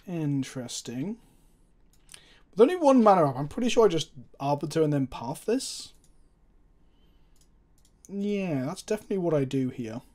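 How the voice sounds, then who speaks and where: His voice is a little high and a little mellow as he talks over his own card game. He thinks out loud, puts questions to the viewers, and swears every so often while hosting.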